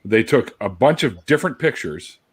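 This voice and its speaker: A man on a livestream calmly explaining a photo to the others, with pauses and fillers. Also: fairly low pitch, husky. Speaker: livestream guest. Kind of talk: casual chat.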